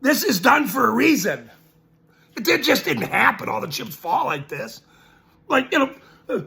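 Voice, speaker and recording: A man's voice: very high voice, very animated, a little slow, gravelly, sharp tone. A man ranting to camera, mocking and laughing between his lines and repeating his points emphatically. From Ireland. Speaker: citizen journalist.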